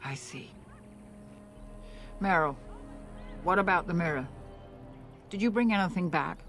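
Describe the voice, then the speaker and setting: Calm elder clan leader, formal game dialogue. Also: female voice, on the low side, a little slow, faint music behind. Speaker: game character.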